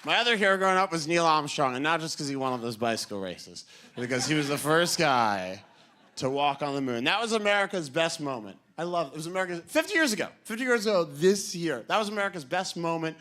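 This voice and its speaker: A man from New doing a stand-up comedy set, telling stories and acting out voices with animated delivery. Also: on the high side, fast talker, some chatter behind. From New York City. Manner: animated storytelling, acts out voices.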